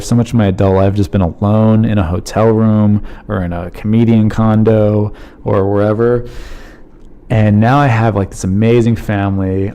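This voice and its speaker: A man in his thirties with a mellow, low voice talks alone into the mic as a podcast host. He rambles in a heartfelt, casual way and leans on fillers like "like" and "you know." His tone stays warm and unpolished. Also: smooth. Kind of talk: casual solo podcast monologue.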